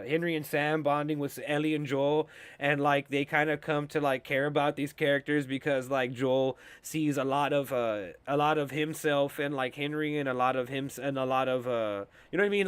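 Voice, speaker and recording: A young man hosts a show recapping TV episodes, speaking in a loose, rambling, casual style packed with fillers and swearing. His voice is fairly high and smooth, and the recording is dry.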